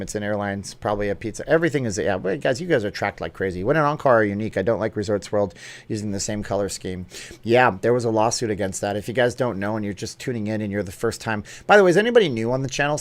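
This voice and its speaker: A man's voice: fairly low pitch, animated, fast talker. A man hosting a casual livestream vlog, chatting in an upbeat way and jumping between topics as he reads viewer comments. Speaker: YouTube vlog host.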